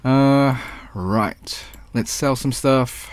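A man with a hoarse, raspy voice from the flu, rambling casually and clearing his throat while talking over his gameplay. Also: medium pitch, drawn-out words, dry recording. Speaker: gaming vlogger.

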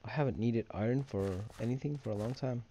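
A man's voice: mid-range voice, quick pace, dark tone, slight background noise. A man giving casual, rambling gameplay commentary for his channel, drowsy and easily distracted. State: sleepy, yawning. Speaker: gamer and video host.

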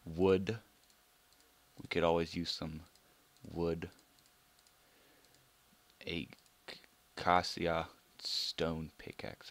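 A young man giving casual gameplay commentary, excitable, swearing now and then and muttering asides under his breath. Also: deep voice, takes it slowly, long pauses, a little hiss or hum. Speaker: let's play gamer.

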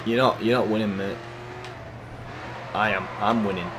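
A man casually commentating his racing gameplay, chatty and excitable, cursing at the game. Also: fairly low pitch, normal speed, very noisy. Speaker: gaming YouTuber. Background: game music.

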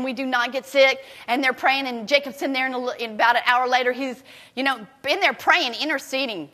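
A woman pastor preaching a sermon with fervent, loud declarations that drop into hushed storytelling. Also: high-pitched. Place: church sanctuary. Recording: long church-hall reverb.

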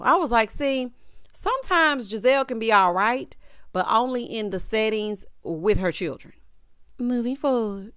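A woman's voice: medium pitch, a bit bright, clean tone, dry recording, clean studio sound. A woman hosting a reality TV recap, casual and sassy, talking straight to her viewers in slang.

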